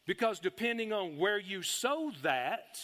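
High-voiced fired-up preacher. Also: male voice, a little slow. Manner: excitable, folksy, shouts bursts of praise. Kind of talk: sermon. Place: church hall. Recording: long hall reverb.

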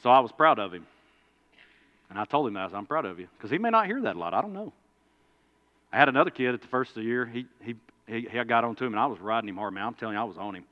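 A man, a preacher and coach, telling a story in a folksy sermon that swings from loud to quiet. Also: mid-range voice, lively intonation, racing, dull audio.

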